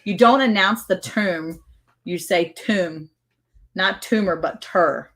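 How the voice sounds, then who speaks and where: A woman's voice: lowish voice, slow, a bit bright. Playful woman co-hosting a ranch livestream. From Maryland, USA. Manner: playful, teasing, exclamatory. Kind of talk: casual livestream chat.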